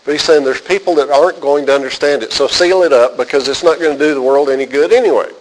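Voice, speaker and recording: A man teaching verse by verse from the Bible in an earnest, conversational way, sometimes dropping very quiet for emphasis. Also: fairly high pitch, quick pace, poor audio. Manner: earnest, conversational, drops to a near-whisper for emphasis. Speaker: pastor.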